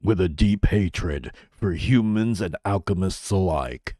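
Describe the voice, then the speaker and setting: A man imitating a menacing male trailer narrator, with a deep, bassy, gritty voice and a slow, drawn-out delivery. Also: expressive, mellow.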